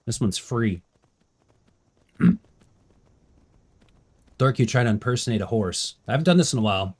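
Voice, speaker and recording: A man's voice: medium pitch, animated, moderate pace, long pauses, a little mellow, breathy edge. A young man chats loosely through a game stream in a mid-range voice. He jokes around, riffs on whatever is on screen and keeps it light and goofy. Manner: goofy, jokey, does animal noises. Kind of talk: casual gameplay commentary.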